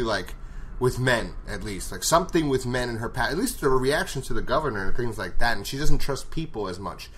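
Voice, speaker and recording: A man's voice: mid-range voice, a bit bright. Blunt, profane man recapping a show. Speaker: show reviewer. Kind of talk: casual episode recap.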